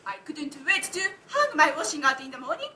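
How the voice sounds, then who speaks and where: A woman's voice: sits high, sing-song, a little fast, bright, forceful tone, full character voice. A young woman playing a flustered housewife caught up in an affair in an amateur stage play, giggly and girlish. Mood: giddy. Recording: echoey theatre from far off.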